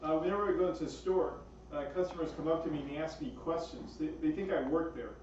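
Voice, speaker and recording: Deadpan man doing stand-up, echoey and far. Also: fairly high pitch, fast talker. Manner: deadpan one-liners with fillers. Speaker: stand-up comedian. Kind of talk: stand-up comedy set. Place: small cafe stage. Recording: far-off echoey lo-fi room recording with noise.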